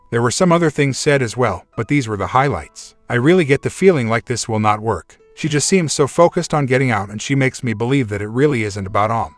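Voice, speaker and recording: A man at a middle pitch narrates a written first-person account in a steady, even way. His voice is close and dry, with no room sound around it. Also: fairly quick, hardly any pauses, no echo, soft background music. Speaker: story reader.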